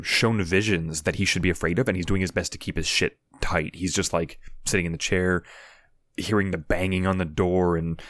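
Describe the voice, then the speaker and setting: A man with a very low voice chats casually about movies on a podcast. He talks in a halting way, repeats words and laughs easily. The sound is close and dry. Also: fairly bright tone, no room sound. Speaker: podcast co-host.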